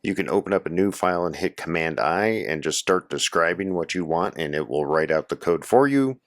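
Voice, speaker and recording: A man with a hoarse voice from a cold, casually walking viewers through a software setup as a tutorial host. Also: deep voice, animated, brisk. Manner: casual, instructive, addresses viewers as guys. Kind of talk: screen-share tutorial walkthrough.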